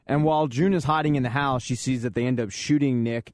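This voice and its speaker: A man in a dead, dry room talks through a TV drama recap with a casual, sarcastic edge. His voice sits at an ordinary middle pitch and he drops crude asides without slowing down. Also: fairly even intonation, dry recording. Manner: sarcastic, candid, swears casually. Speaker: recap host.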